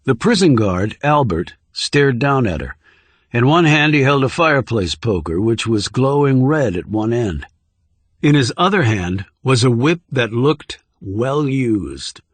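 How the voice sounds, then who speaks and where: Measured male audiobook narrator. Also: medium pitch, very animated, no echo. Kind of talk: scripted narration.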